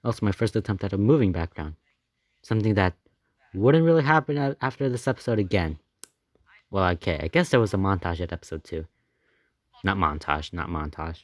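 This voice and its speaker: A man giving casual reaction commentary on his own old animation, excitable and rambling, often laughing and gasping between thoughts. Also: low-pitched, a little fast, long pauses, dry recording, studio quality. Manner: excitable and rambling, with many fillers, laughs and gasps.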